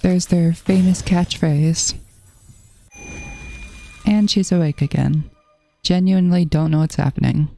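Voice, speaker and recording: Woman host for a horror game playthrough: mellow, unhurried, nervously mutters to herself. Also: lowish voice, steady tone, gravelly, faint music behind. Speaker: gaming channel host.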